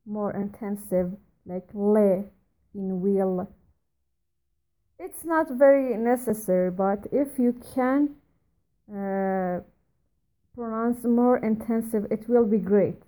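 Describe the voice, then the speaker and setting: A woman's voice: fairly high pitch, dark tone, low-quality recording. A woman giving pronunciation feedback in a recorded voice message, speaking carefully and hesitantly with frequent fillers.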